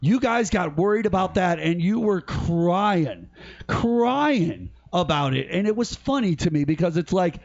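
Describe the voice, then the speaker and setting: A man hosting a podcast, giving casual, mocking political commentary in an animated way. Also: high voice, unhurried. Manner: ranting, mocking, animated storytelling. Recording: dull lo-fi podcast audio.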